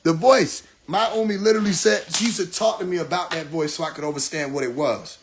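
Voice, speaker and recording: A man's voice: a little high, fast, a little hiss or hum. A middle-aged man talking casually on a livestream, telling stories with playful voices and laughter. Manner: animated storytelling with playful mimicry and laughter. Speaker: livestream host.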